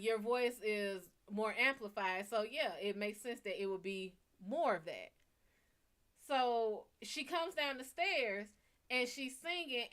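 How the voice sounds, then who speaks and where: A young woman with a Bayou accent, talking in a blunt, profane, animated way on a casual live stream. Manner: blunt, animated and profane, swinging from loud to low. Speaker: live stream reader and host.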